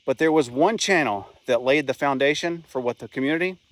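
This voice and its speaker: A man's voice: medium pitch, fairly quick, dry recording. A man narrating a scripted video essay in a plain, conversational way, with an occasional aside. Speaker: channel host.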